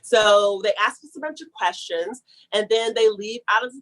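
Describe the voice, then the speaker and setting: A woman telling a long personal story in a casual, animated way, talking fast and acting out the people she quotes. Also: mid-range voice, rough recording. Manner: talks fast to get through a long story.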